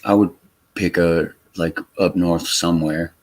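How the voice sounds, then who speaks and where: A man from Louisiana hosting a casual livestream chat, talking in a halting way with many fillers and restarts. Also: deep voice, steady tone. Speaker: livestream host. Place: Texas home.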